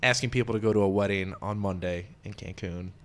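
Relaxed man, low voice. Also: fast talker, noisy background. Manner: relaxed, recounts stories with many fillers. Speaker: podcast co-host. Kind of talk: casual chat.

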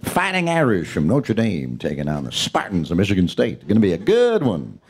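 A man imitating a brash male sports announcer, calling a game in a folksy, booming play-by-play style. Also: huge pitch swings, normal speed, slightly rough, exaggerated voice. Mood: upbeat.

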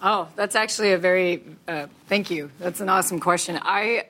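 A woman in her thirties speaking as a guest on a stage panel, candid and quick to laugh, swearing casually. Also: lowish voice, a bit bright. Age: 30s. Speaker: actress guest at a fan panel.

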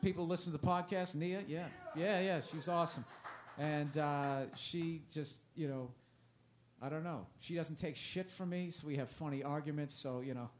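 A man's voice: on the high side, fairly even intonation, moderate pace, a little hiss or hum. A man in his forties, a comedian talking in a loose, rambling, self-mocking way with plenty of swearing. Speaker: comedian guest. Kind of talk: casual chat. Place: festival interview.

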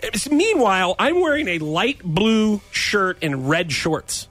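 Man, radio co-host, animated storyteller, high lively voice. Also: takes it slowly, faint music behind. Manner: animated, acts out his own quotes. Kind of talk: casual storytelling chat.

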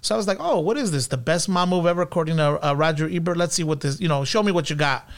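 Man, guest, clear smooth voice, slightly high, enthusiastic anecdotes. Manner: enthusiastic storyteller, quick restarts. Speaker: guest film commentator. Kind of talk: casual chat about films.

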